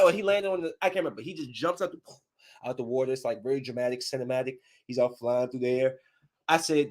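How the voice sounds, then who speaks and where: Animated slangy man ranting on a podcast. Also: fast talker. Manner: animated storytelling, swings from loud outbursts to low muttering; laughs often, slangy and joking. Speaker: podcast host. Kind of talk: casual solo podcast rant.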